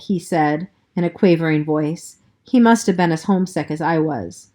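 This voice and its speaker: A woman reading a novel aloud in a steady first-person narration, with the occasional slip. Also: sits low, normal speed, hardly any pauses. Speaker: reader.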